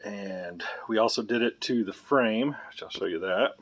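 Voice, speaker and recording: A man's voice: on the low side, moderate pace, fairly bright tone. A man casually talking through a car repair in his garage, rambling and plainspoken, muttering to himself as he works on a handheld camera. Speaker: car hobbyist vlogger. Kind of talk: casual talk while working on a car.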